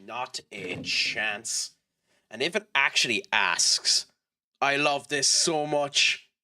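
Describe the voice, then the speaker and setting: An Irish man talking to his stream viewers as he plays, his tone bright and clear. He chats loosely and easily, pitched in a middle range. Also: lively intonation, slow pace. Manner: chatty, talks to viewers while playing. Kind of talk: casual live-stream chat.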